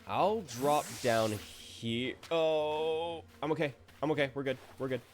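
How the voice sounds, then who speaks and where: A man's voice: mid-range voice, slow. A man with an ordinary mid-range voice gives loose, running commentary while he plays a game. He jokes and talks back to the characters on screen as he goes. Faint game music plays underneath. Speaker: streamer. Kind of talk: casual gameplay commentary.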